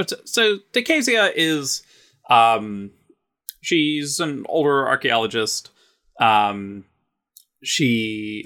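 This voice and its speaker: A man's voice: mid-range voice, bright, forceful tone. A man co-hosting a podcast in casual chat, rambling with many fillers and restarts and cracking playful jokes. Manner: laughs often, with playful jokey asides. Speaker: podcast co-host.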